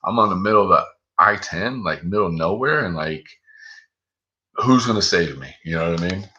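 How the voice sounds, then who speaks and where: A man's voice: sits low, animated, moderate pace, sharp tone, highs cut off. A man, the guest on an interview show, telling a long story in a loose, profane way, full of 'dude' and 'like'. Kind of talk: casual storytelling.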